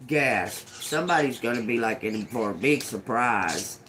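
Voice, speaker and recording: A man's voice: medium pitch, lively intonation, measured pace, sharp tone, slight background noise. A man doing a casual live oracle reading, profane and muttering word by word, breaking off to scold someone nearby. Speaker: livestream oracle reader.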